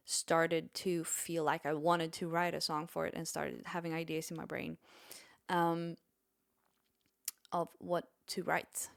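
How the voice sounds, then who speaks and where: A woman's voice: fairly low pitch, creaky. A woman musician chatting casually on her stream in a rambling, self-deprecating way.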